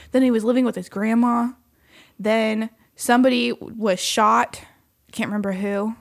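A woman chats animatedly, her voice sitting a little high with a gravelly fry at the edges. She tells stories with lots of laughter and acts out what other people said. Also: normal speed. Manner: animated storyteller, laughs often, acts out quotes. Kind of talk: casual chat.

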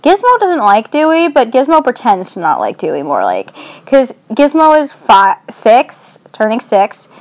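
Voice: medium pitch, wildly swooping pitch, a little slow. A young adult vlogger talking into a phone in a casual, anxious, rambling way. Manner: anxious, rambling, self-deprecating.

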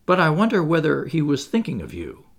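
A man reading the part of a thoughtful young clergyman in a play, measured and guarded. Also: on the high side, wildly swooping pitch, creaky, voice pushed up, heavily acted.

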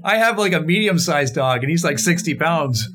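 A man co-hosting an interview show, playful and quick to laugh as he runs through light questions. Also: a little high, animated, a crowd in the background. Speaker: co-host. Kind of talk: casual interview chat. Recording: noisy line with clicks.

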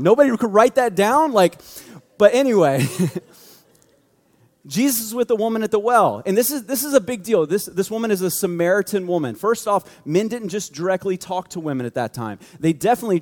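A man preaching a sermon, animated and joking, in a conversational style. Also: sits high. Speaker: pastor. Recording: long hall reverb.

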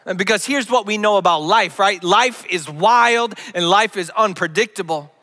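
A man in his thirties preaches a sermon and draws on a personal story. His voice sits high and sounds bright and forceful. He often repeats a word before moving on. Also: normal speed. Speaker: pastor.

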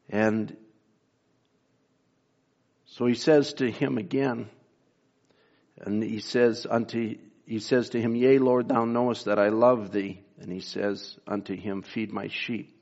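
A man preaching a sermon, pausing often with fillers and reading scripture in old-style wording. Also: fairly low pitch, darkish tone, lo-fi sound. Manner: slow, halting delivery with many fillers, reads scripture in King James wording. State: briefly emotional. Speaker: pastor.

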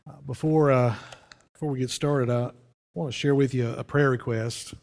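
A pastor telling a story in a folksy, conversational sermon, with frequent restarts. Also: male voice, mid-range voice, fairly even intonation, normal speed, a little mellow. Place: church sanctuary. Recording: long church reverb.

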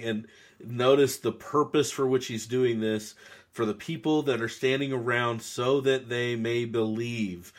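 A man co-hosting a casual Bible discussion podcast, lively and joking, acting out quoted lines. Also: medium pitch, a little slow. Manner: animated, jokey, acts out quotes. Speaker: podcast co-host.

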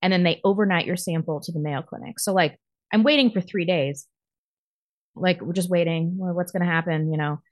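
A woman co-hosting a podcast, telling a story in a profane, animated way and acting out other people's lines. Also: lowish voice, fairly quick, dry recording, clean studio sound. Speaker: podcast co-host. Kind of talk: casual storytelling.

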